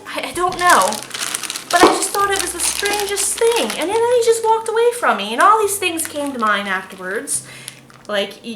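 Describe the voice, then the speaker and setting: A woman's voice: on the high side, bright, forceful tone, roomy sound. A young adult woman telling a rambling story in a casual chat while making soap at home, with many restarts. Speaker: soap maker channel host.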